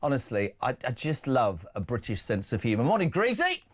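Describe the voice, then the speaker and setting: A man's voice: lowish voice, a little fast. A middle-aged man hosting a live breakfast radio phone-in, joking and reading out listener messages. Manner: jokey, reads out listener messages. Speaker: radio breakfast show host.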